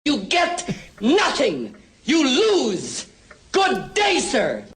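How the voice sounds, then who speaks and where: An eccentric, haughty candy-maker, as a man puts him on, dismisses someone in a slow, sing-song scold. The voice sits high and leaps all over, each word stretched out. A faint hiss runs underneath. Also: wildly swooping pitch, a bit bright, heavily acted. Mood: dismissive.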